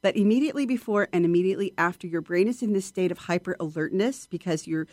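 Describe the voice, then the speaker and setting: Expressive woman voice coach. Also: lowish voice, quick pace, dry recording, clean studio sound. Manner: expressive, acts out voices of students. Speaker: voice coach guest. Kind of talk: casual interview chat.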